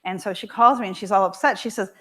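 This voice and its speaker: A woman minister preaching a sermon in a church, emphatic and expressive, repeating key lines slowly for weight. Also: medium pitch. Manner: emphatic and expressive, with measured repetition. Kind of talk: sermon with storytelling. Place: church sanctuary.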